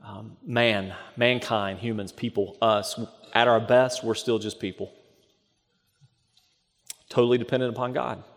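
A man's voice: fairly low pitch, steady tone, measured pace, pauses often. A man preaching a sermon as pastor, emphatic, asking rhetorical questions and repeating phrases. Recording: long reverb of a large hall.

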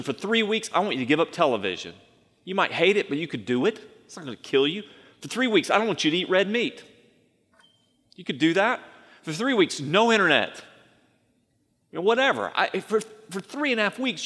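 Male pastor, lively delivery, big echoing church sound. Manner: animated, swings between loud emphasis and low asides. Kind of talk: sermon. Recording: long hall reverb.

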